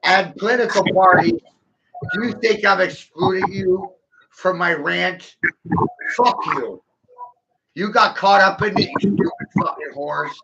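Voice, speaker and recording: A man delivering an aggressive, mocking, profane solo rant with a gravelly voice. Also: sits high, unhurried. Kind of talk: solo taunting rant to camera. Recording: muffled lo-fi audio with steady background noise.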